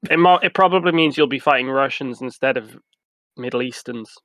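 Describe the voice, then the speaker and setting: A man's voice: mid-range voice, brisk, a bit bright, dry recording. A man co-hosting a podcast, leading the segments by reading out news items in casual chat, often laughing. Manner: leads the segments, giggly. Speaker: podcast co-host.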